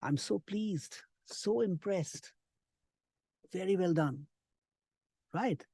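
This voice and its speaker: A middle-aged man, teaching an online spoken class with lively, encouraging emphasis. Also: high-pitched, creaky, no room sound, clean studio sound. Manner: lively, encouraging, lots of emphasis and drawn-out words. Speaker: English communication trainer.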